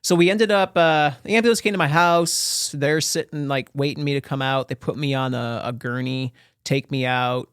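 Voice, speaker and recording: A podcast guest from a small Pennsylvania town tells his story in a casual interview, candid, joking and self-deprecating. His medium-pitched voice is steady, a bit bright, clear and resonant, at a moderate pace. The recording is dry with clean studio sound.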